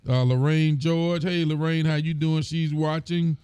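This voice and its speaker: Smooth-voiced sheriff hosting. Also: male voice, on the high side, level tone, a little slow, a little mellow, no room sound. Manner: reads out viewer comments and greets each by name. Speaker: sheriff hosting a live show. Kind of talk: casual live-stream greetings.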